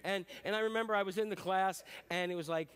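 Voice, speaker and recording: A man's voice: high voice, steady tone, fast talker, fairly bright tone, smooth. A middle-aged man preaching a conversational sermon as a pastor, telling stories in a chatty, self-deprecating way with many fillers.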